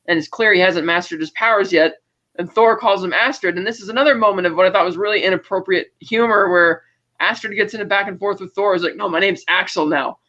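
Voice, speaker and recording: High bright-voiced guy retelling a movie plot, acting out lines, dull lo-fi sound. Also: quick pace. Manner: animated storyteller, acts out lines of dialogue. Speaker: podcast host, film reviewer. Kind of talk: casual review chat, retelling a plot.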